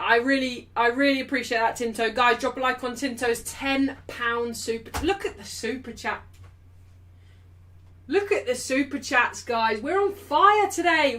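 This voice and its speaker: A woman's voice: medium pitch, distant mic. A young English woman hosting a live football watchalong, reading out super chats in blunt, sweary casual chat. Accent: English, not Mancunian. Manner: blunt, swears freely, loud and defensive, then apologetic. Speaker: livestream host of a football watchalong.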